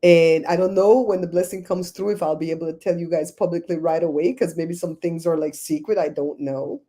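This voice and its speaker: A woman's voice: fairly low pitch, steady tone, a little fast, warm tone. A woman hosting a casual livestream, chatting with viewers by name and laughing often. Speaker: livestream host.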